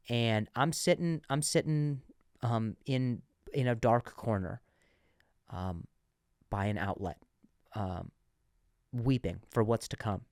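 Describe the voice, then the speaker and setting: A man who stutters, hosting a comedy podcast and telling animated, self-mocking stories. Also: medium pitch, clean tone, dry recording, studio quality. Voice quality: stutter, frequent repeated words. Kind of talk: comedic storytelling.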